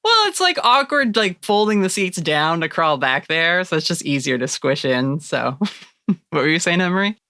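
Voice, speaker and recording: A woman acting as game master, narrating a tabletop role-playing game in a lively way and laughing often. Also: lowish voice, normal speed, no room sound, clean studio sound.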